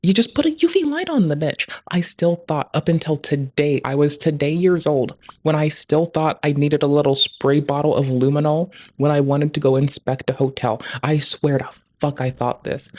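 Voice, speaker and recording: A livestreamer gives casual commentary over the stream at a middling pitch, swearing constantly. His delivery is crude and ranting, full of crude jokes, and it gets loud and high whenever a rant builds to an outburst.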